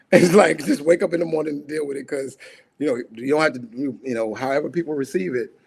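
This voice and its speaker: Grieving man, husky, fairly high voice, raw and emotional, breaks into laughter and anger. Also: fairly quick, darkish tone. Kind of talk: livestream talk show conversation.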